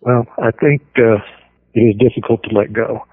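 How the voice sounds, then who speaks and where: A man speaking in a plain, measured way with some fillers as co-host. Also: mid-range voice, slightly rough, no room sound. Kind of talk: casual chat. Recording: tinny phone-like line.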